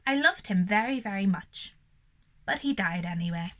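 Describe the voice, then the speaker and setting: Young female teacher reading a picture book to kids; gentle, reassuring, bright and animated. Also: mid-range voice, moderate pace. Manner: gentle, reassuring, speaking directly to young children. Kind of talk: reading a picture book aloud to children, with explanations.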